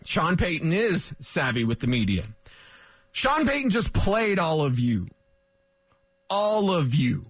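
A man's voice: a little high, sing-song, slow pace, pauses often, a bit bright, breathy edge, dry recording. A male sports radio host delivering a fired-up, combative rant in a studio, hammering his points with repetition. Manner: emphatic, combative, repeats points for punch.

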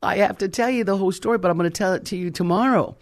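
A middle-aged woman preacher telling a story in a sermon, stressing key words slowly. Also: mid-range voice.

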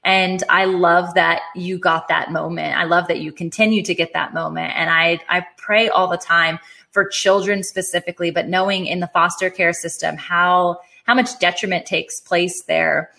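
Affirming woman host, lower voice. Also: flat delivery, normal speed, creaky. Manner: warm affirming, reflective. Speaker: podcast host. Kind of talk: interview conversation.

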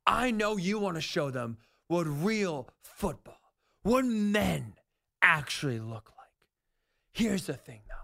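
A man's voice: a little high, gravelly, bright, forceful tone, exaggerated voice. A man voicing a blunt, no-nonsense football coach who lectures a player in a paternal, dismissive way. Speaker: commentator persona.

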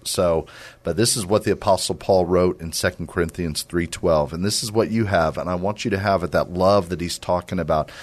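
Casting: middle-aged man, very low voice, earnest Christian host exhorting listeners. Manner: earnest, affirming, preacher-like urging. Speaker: radio and podcast host, ministry leader. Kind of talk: Christian encouragement talk with a closing exhortation.

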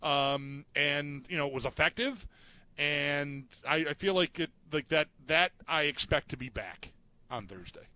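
A man's voice: fairly high pitch, animated, a little slow, bright, forceful tone, clean tone. A man co-hosting a sports talk show, chatting casually, often restarting and trailing off as he acts out what players might say. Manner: hesitant, trailing off, acts out quotes. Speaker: sports podcast co-host.

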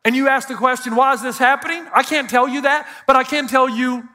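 A bright-toned older man preaches with a fairly high voice. He tells stories animatedly to a church congregation, with quick asides and self-deprecating humor. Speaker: pastor. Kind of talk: sermon. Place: church stage before a congregation.

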